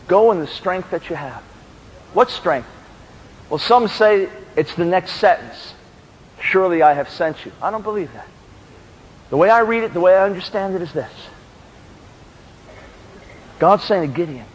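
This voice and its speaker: A preacher from New York delivering an impassioned sermon that builds to shouted questions. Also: male voice, high-pitched, lively intonation, normal speed, pauses often, slight background noise. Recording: long hall reverb.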